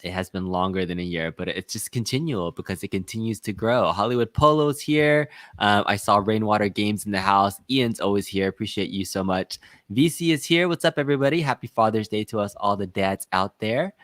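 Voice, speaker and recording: A man's voice: lowish voice, no room sound. A man co-hosting a casual live chat show, upbeat and greeting viewers by name, with plenty of ums and uhs. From Los Angeles area. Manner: upbeat, shouts out viewers by name, many fillers.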